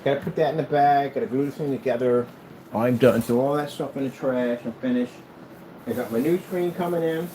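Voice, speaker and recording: A man's voice: medium pitch, fairly quick, warm tone, a little hiss or hum. A middle-aged man vlogging at home off the cuff, blunt and combative as he runs his small business talk. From United States. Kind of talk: casual unscripted vlog.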